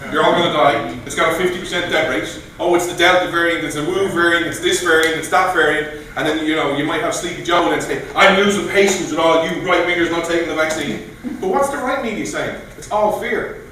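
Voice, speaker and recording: A man giving an animated speech at a political meeting, telling stories and acting out quoted voices. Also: fairly high pitch, brisk, few pauses, slight background noise. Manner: animated, storytelling with mock voices. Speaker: guest speaker. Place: meeting room. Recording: echoey room from far off.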